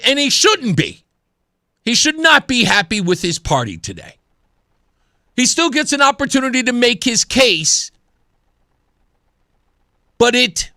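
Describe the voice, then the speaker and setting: A man in his thirties hosts a talk radio show from a radio studio, giving an opinionated monologue full of sarcasm and mimicked voices. His voice is very high with a sharp tone. Captured on a studio microphone, the recording is dry and clean.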